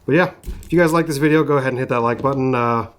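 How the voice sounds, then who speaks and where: A young man from Minnesota, hosting an outdoor chat about camera gear, relaxed and full of filler words. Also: mid-range voice, rapid-fire, smooth. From Minnesota, USA. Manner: relaxed and chatty, with lots of fillers like "like" and "um". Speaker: host, photographer. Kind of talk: casual chat reviewing a lens. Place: outdoors at a rocky sunset spot. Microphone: compact shotgun mic on camera.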